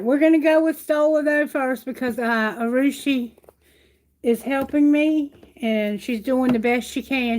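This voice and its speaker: A woman giving a live-stream tarot reading at home. She reassures viewers warmly, calls them sweetheart, and asks her questions aloud to Spirit. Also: fairly high pitch, poor audio. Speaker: tarot reader. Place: at home, near her bedroom.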